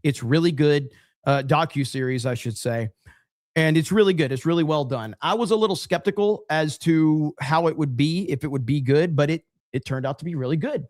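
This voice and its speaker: A man's voice: fairly high pitch, moderate pace, a little mellow, no echo, studio quality. Sarcastic rambling male livestream host. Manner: rambling, sarcastic, talks to chat. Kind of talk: casual livestream commentary.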